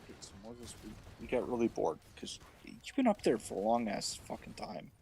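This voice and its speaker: A man's voice: medium pitch, sing-song, moderate pace, dark tone, a little hiss or hum, pitched below the performer's own voice. A man voicing a sheepish, rambling adult male Aaron who mumbles and hesitates, filling his talk with "um" and "all right". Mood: evasive.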